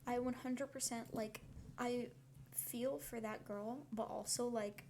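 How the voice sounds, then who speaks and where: A woman on a live stream, drifting between casual, sweary chat and reading a novel aloud in a soft, often whispered voice. Her pitch sits a little high. A faint noise hangs behind her. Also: steady tone, slow.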